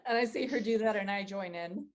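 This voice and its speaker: A woman's voice: mid-range voice, brisk. A woman player in a tabletop game, easygoing and laughing along with the others. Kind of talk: casual tabletop role-play.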